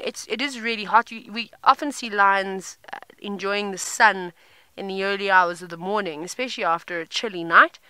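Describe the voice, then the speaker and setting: A woman's voice: mid-range voice, sharp tone, clear, resonant tone, dry recording. A woman safari guide giving chatty live commentary from an open vehicle outdoors and answering viewers' questions. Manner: chatty, informative, thinks aloud.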